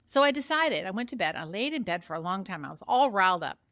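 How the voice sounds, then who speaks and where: A woman hosts her own podcast in a frank solo monologue, her medium-pitched voice sing-song and a bit bright. The studio-quality sound has no echo. She is open, chatty, self-mocking, and fires up readily.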